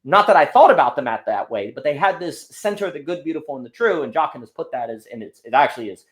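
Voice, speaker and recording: Animated man telling stories in conversation. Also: on the high side, fast. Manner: animated, rambling storytelling with frequent restarts. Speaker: podcast guest. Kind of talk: casual conversation.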